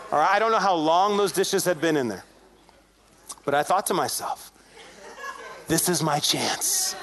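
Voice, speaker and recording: A male pastor preaching a sermon, telling a story in a conversational way and acting out the quoted dialogue with animation. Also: a little high. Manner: conversational, addresses congregation directly.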